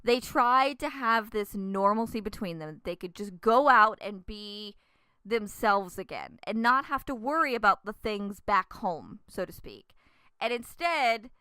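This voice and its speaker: A woman's voice: on the high side, bright, forceful tone, smooth, dry recording. A woman co-hosting a podcast in casual chat, analyzing at length with dry jokes. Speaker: podcast co-host.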